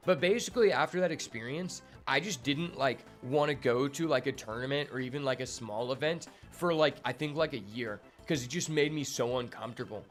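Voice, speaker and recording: A young man streams a card game, rambling in a laid-back way packed with fillers and swearing. His medium-pitched voice is brisk with hardly any pauses, and soft music plays in the background.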